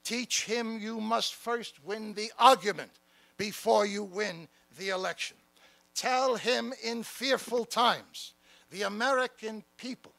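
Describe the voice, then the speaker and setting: A man's voice: extremely high pitch, vocal fry, bright, forceful tone, heavily acted. A man playing a fiery founding-father orator. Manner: impassioned, emphatic, calls out to the crowd. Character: male founding father, fiery revolutionary pamphleteer. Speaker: keynote speaker. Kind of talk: rousing political speech in character. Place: stage at a large gathering.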